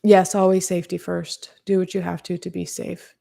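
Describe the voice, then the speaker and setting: A woman's voice: fairly low pitch, flat delivery, moderate pace, creaky, warm tone. Chatty woman rambling on a podcast stream. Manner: rambling, filler-heavy, frank and swears; talks to live chat readers. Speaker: podcast host. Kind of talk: casual livestream chat.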